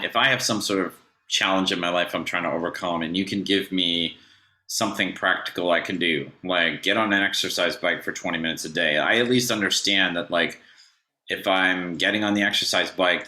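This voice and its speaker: A man's voice: sits low, bright, forceful tone, reverberant. A man co-hosting a podcast in casual chat, earnest and practical, with many hesitations and restarts. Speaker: podcast co-host.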